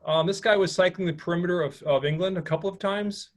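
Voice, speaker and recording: A man's voice: high-pitched, fast. A man presenting a slideshow to an audience in a meeting room, chatty and rambling, with many restarts. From United States. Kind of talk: informal slideshow talk.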